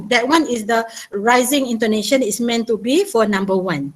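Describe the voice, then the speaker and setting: A woman's voice: a little high, normal speed, low-quality recording. A woman giving a webinar lecture on teaching listening, often ending her points with a checking "yeah?". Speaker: university language lecturer.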